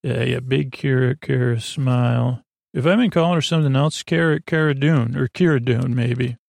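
A man hosting a sleepy bedtime podcast, rambling through an episode recap in an unhurried way with lots of fillers. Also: medium pitch, creaky, a little mellow, no echo. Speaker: podcast host.

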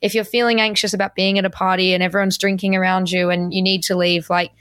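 A woman hosting a podcast, chatting casually and giving gentle advice with frequent laughs. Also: mid-range voice, level tone, fast, clear, resonant tone, no echo, clean studio sound. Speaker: podcast host. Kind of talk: casual chat.

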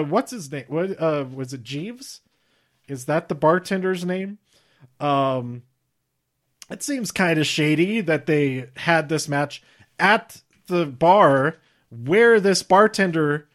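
A slightly high-voiced young man hosting his own podcast, recapping shows in a loose, rambling way. He talks casually, stumbles through restarts and laughs at his own asides. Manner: rambling, chatty, laughs at own jokes, many fillers. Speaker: podcast host reviewing wrestling shows.

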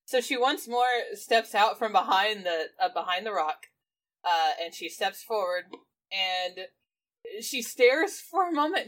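A woman's voice: medium pitch, expressive, a little slow, fairly bright tone. A woman playing a tabletop role-playing game, narrating her character in a playful, giggly way. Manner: giggly, playful, slips into silly voices. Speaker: player.

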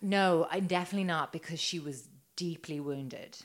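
A woman's voice: fairly low pitch, normal speed. A woman, hosting a podcast and telling a story in casual, chatty talk full of fillers and swearing. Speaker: podcast host.

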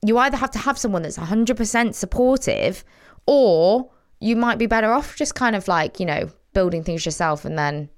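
A woman's voice: mid-range voice, expressive, normal speed. Frank woman in her twenties. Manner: candid, rambling, frank with swearing. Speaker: podcast co-host. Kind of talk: casual podcast chat.

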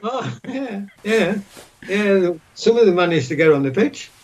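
An older man, once a footballer, reminisces as a guest in a casual interview, his voice sitting high with big swings in pitch and a slightly slow pace. He rambles through old stories, restarting often and tossing in "what have you."

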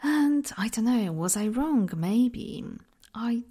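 Slow-talking Polish woman, mixed accent. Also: a little high, lively intonation, mellow, husky. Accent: mixed Polish-British. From Poland. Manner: candid and self-deprecating, laughing often. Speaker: podcast host. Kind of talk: reflective solo podcast monologue.

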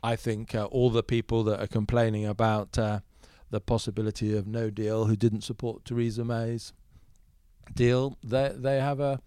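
A man in a podcast interview, answering as a political commentator in a measured, thoughtful way with frequent fillers. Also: lowish voice, flat delivery, dark tone, clean tone, no echo, studio quality.

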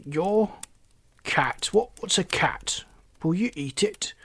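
A man voicing a rude, pompous male frog alien in a storybook reading, slow and sneering. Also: high voice, expressive, fairly bright tone, husky, pitched above the performer's own voice, full character voice. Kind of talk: storybook character voice.

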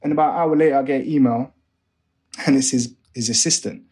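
A man's voice: mid-range voice, quick pace. A young man, a guest on an interview podcast, telling his story casually and acting out the voices of people in it. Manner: animated, acts out other voices in his stories. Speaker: guest, music A&R manager.

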